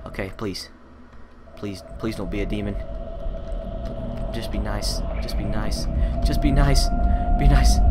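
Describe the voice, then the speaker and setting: An excitable young man narrates his own gameplay at an unhurried pace, dropping to worried mutters and then bursting into shouts. Loud game music plays right under his voice. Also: fairly low pitch. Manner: excitable, jumps from mumbling to shouting. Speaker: gaming video host. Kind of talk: let's play commentary.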